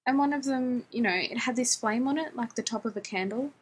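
A woman voicing an embarrassed, excitable young man who rambles on with lots of "like" and "man", in a husky voice. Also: a little high, a little fast, pitched above the performer's own voice, low-quality recording. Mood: rambling. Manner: rambling, breathless, full of "like" and "man".

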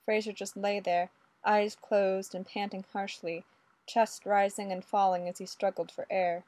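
Brief: female audiobook narrator, steady and measured, mid pitch, dry close mic. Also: dry recording. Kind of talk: audiobook reading of adult fiction.

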